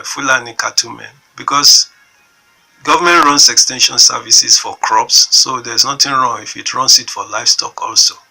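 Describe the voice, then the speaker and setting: Prof guest, gravelly voice, bright edge, slow and measured. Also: male voice, medium pitch, poor audio. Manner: measured, deliberate summing up. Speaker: guest expert, professor. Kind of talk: studio talk-show answer.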